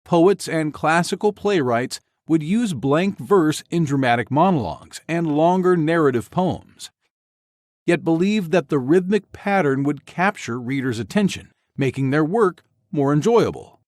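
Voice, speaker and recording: A man giving scripted educational narration in a slow, measured, evenly paced delivery. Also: a little high, lively intonation, darkish tone, no echo, clean studio sound.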